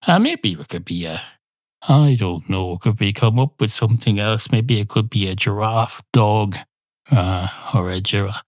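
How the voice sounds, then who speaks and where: A man's voice: lowish voice, unhurried, darkish tone, no echo, clean studio sound. A man hosting a podcast, rambling through a playful comic monologue, often cutting himself off and swearing freely. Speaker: podcast host.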